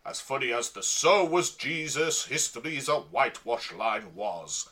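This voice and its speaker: A man's voice: mid-range voice, very animated, sharp tone, exaggerated voice. A man putting on a Transylvanian vampire count. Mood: mock sinister. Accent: put-on Transylvanian. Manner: slow, drawn-out and sinister, with a mock laugh.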